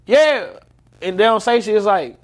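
High-voiced young man, animated storyteller. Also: moderate pace, crowd noise. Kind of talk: casual chat.

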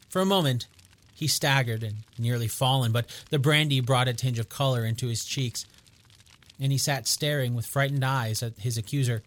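A man narrating a classic detective story in a measured, even reading. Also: medium pitch.

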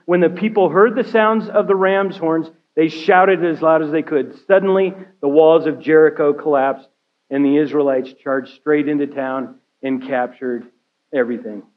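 A man's voice: fairly high pitch, steady tone, moderate pace, narrow, tinny audio. A male care pastor giving a conversational sermon, often checking in with his listeners by asking "right?" and "okay?". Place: church sanctuary.

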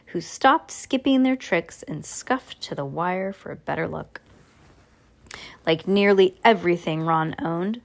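A woman reading a storybook aloud, often stumbling over words and correcting herself. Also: fairly low pitch.

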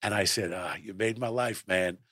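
A middle-aged man telling a lively story, acting out his own lines as he goes. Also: fairly low pitch, normal speed, no echo, studio quality. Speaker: guest storyteller. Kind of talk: animated anecdote telling.

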